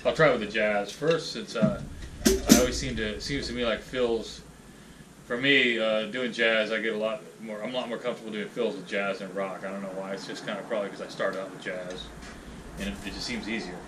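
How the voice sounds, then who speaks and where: A man's voice: fairly low pitch, fairly quick, background noise. Man calling out drum stickings. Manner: counting sticking patterns aloud, relaxed and rambling. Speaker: drum teacher. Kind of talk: casual drum lesson. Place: room with a drum kit. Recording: distant mic, loud drums. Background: loud drum kit playing.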